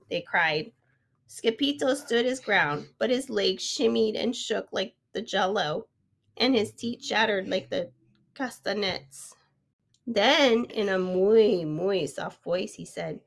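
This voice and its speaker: A woman reads a children's storybook aloud at an unhurried pace. Her voice sits fairly high and stays expressive, and she stops now and then to ask the listening child a question. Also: creaky.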